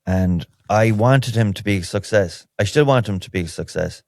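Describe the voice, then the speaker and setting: Deep-voiced Irish man rambling candidly. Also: moderate pace, a little mellow, no room sound, studio quality. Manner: rambling, candid and wry, many restarts. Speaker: podcast host. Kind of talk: solo podcast, casual chat.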